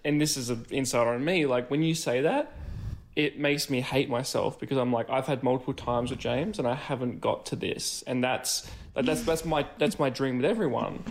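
A man's voice: medium pitch, normal speed, a little hiss or hum. A young man, co-hosting a podcast, joking and often repeating words as he talks. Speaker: podcast co-host. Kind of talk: casual chat.

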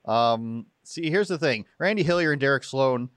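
A man's voice: mid-range voice, lively intonation, moderate pace, fairly bright tone, smooth, no echo. A young man hosting political commentary, sarcastic and mocking as he picks apart statements. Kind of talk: opinionated live commentary.

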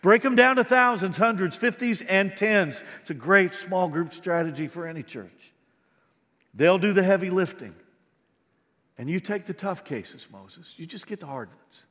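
A man's voice: sits high, moderate pace, a bit bright, big-room sound. A man preaching a sermon as pastor, acting out quoted voices with animation.

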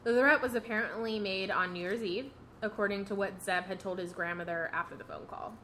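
A young woman recounting a true crime case to friends on a podcast, loose and chatty, peppering her talk with "like" and breaking into laughs. Her pitch sits right in the middle of the range. A faint hiss of noise sits under the voice. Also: fairly even intonation, brisk, a bit bright. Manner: laughs often, lots of "like". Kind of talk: casual chat, storytelling.

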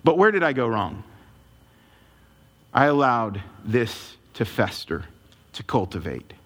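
A man preaching a sermon as a pastor, telling a personal story in an animated, emotional way. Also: mid-range voice, slow.

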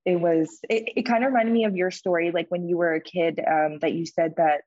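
A young woman on a podcast, telling a story in a chatty way, full of fillers and lively quoted voices. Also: lowish voice, brisk, dry recording, dull audio. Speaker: podcast co-host. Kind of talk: casual storytelling.

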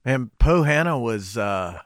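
A man hosting a casual chat, talking in a relaxed, friendly way. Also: medium pitch, measured pace, dry recording, studio quality. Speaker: podcast host.

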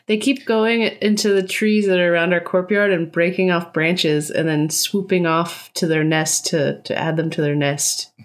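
A woman co-hosting a casual podcast, chatty and animated as she tells stories. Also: on the low side, normal speed, few pauses. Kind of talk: casual chat.

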